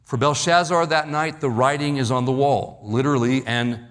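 A man preaching a sermon in an emphatic, measured way, slowing down and dropping his voice on key words. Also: mid-range voice, fairly even intonation. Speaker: pastor. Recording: long hall reverb.

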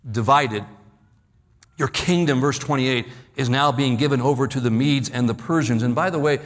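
A man preaching a sermon in an emphatic, measured way, slowing down and dropping his voice on key words. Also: mid-range voice. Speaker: pastor. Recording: long hall reverb.

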